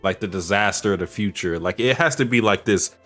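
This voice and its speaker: A man's voice: on the low side, fairly quick, a bit bright, soft background music. A man co-hosting a casual podcast, joking and rambling with frequent laughter. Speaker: podcast co-host.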